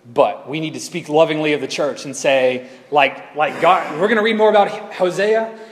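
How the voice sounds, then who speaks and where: A male pastor delivers a sermon in a loose, chatty manner, trailing off and correcting himself as he goes. His voice sits a little high for a man. It rings through a roomy church hall with a long echo. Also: moderate pace, a little hiss or hum. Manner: conversational, rambling, self-correcting. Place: church sanctuary. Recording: echoey hall reverb.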